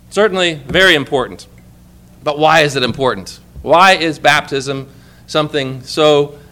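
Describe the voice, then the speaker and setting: A male preacher with a high, bright voice delivers a sermon in a chatty, conversational way. He keeps asking the congregation questions. When he reads scripture he slows down and leans on the words. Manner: reads scripture aloud with slow emphasis.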